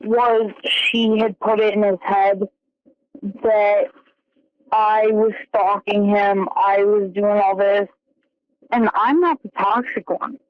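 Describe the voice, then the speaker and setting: A woman calling in to a psychic show, speaking in a halting way and close to tears. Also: mid-range voice, fairly even intonation, no room sound. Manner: tearful, halting. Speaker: caller. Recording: dull dry phone-in line.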